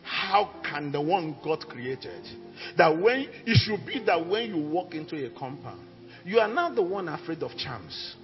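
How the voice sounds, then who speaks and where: A male pastor preaching a fiery sermon, dropping low and then shouting out declarations. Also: sing-song, measured pace. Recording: echoey hall with dull sound and faint music.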